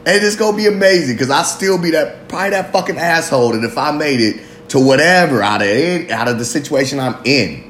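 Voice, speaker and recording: A man in his thirties talks through a raw solo confession, rambling, cursing freely and laughing at himself. His pitch swings widely as he goes. The voice rings in a roomy, echoey space over a faint low rumble. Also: animated, a little fast, hardly any pauses, fairly bright tone. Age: 30s. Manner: rambling, profane, self-mocking, laughs often. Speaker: podcast host. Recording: roomy echo.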